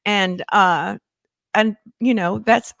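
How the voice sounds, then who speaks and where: A woman humorist, telling stories in casual chat with lively, animated delivery. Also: takes it slowly, gravelly, no room sound, studio quality. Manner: lively, animated storyteller with big pitch jumps. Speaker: guest humorist.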